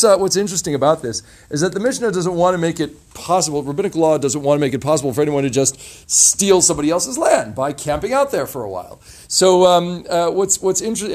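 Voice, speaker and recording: A man leads an informal text class in a somewhat high voice. He talks in a halting, chatty way, full of fillers and restarts. He drops in friendly asides as he explains. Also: a little mellow. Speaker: teacher leading a Mishnah class.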